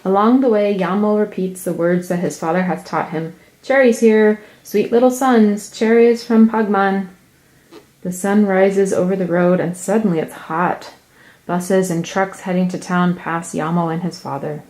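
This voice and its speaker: A woman reading a picture book aloud, narrating slowly and deliberately in a soft voice. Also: lowish voice, fairly even intonation. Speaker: storyteller.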